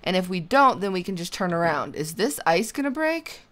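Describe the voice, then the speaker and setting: A young woman giving casual let's-play commentary, thinking out loud as she plays and chatting to her character. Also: fairly low pitch, big pitch swings, normal speed. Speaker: gaming channel host.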